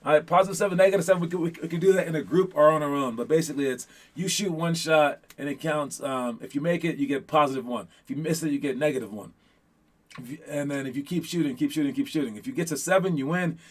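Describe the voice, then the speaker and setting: High-voiced, energetic basketball coach. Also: male voice, fast. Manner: energetic, keeps checking in with "all right?"; rambling, repeats words while thinking. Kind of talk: casual pep talk to young players.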